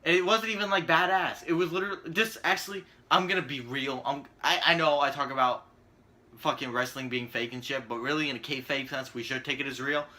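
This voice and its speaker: A man's voice: a little high, fairly even intonation, fairly quick, sharp tone. A man giving a profane, sarcastic ranting video commentary as a vlogger.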